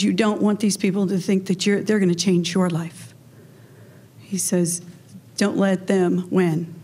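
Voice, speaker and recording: A woman's voice: on the low side, darkish tone. A woman hosting a memorial ceremony, telling a personal story in an earnest, heartfelt way.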